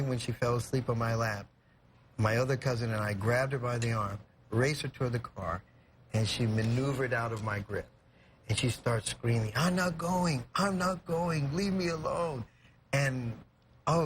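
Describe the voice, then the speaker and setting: A man's voice: mid-range voice, a little hiss or hum. A young man from California, a guest in a TV studio, telling an emotional story earnestly and reflectively, with many "you know" fillers. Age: young adult.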